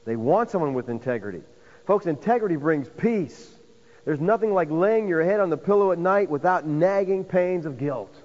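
A man's voice: on the high side, expressive, normal speed, a little mellow. Pastor guy preaching, long echo off the hall, bit dull and muffled. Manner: preaching with rising emphasis, addresses listeners as folks. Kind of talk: sermon.

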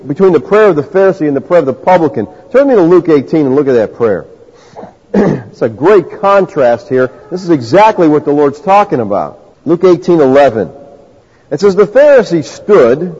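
A man's voice: on the high side, mellow, slightly rough. A man preaching a sermon to a congregation, talking in a conversational way and acting out the people he quotes. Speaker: pastor. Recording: lo-fi recording with long reverb in a hall.

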